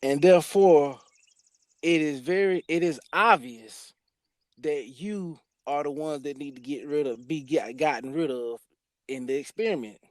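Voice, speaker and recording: A man's voice: fairly high pitch, a little slow, no room sound. A man hosting a talk show, preaching emphatically and often restarting his sentences. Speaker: host. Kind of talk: spiritual discussion.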